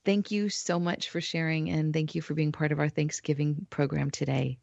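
An effusive woman host with a lowish voice gushes over her guest. The sound is somewhat dull and dry. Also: level tone, moderate pace, vocal fry, a little mellow, dry recording. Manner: effusive, enthusiastic. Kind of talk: casual interview.

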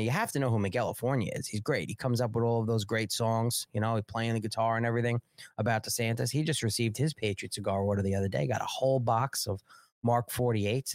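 A man's voice: mid-range voice, no room sound. Male talk show host, agitated profane ranter, mid-range voice, dry close-mic sound. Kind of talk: live-streamed political commentary.

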